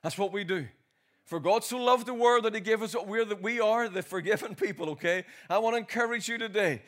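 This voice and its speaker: A man's voice: high voice, fairly quick, a bit bright. A Northern Irish man in his forties preaching a sermon, telling a homely story and building up into rousing exhortation. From Northern Ireland. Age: 40s.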